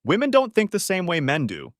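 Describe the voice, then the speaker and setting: A man reading a story aloud, voicing a calm, level-headed wife who asks thoughtful, probing questions. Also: sits high, brisk, dry recording, clean studio sound, pitched above the performer's own voice, heavily acted.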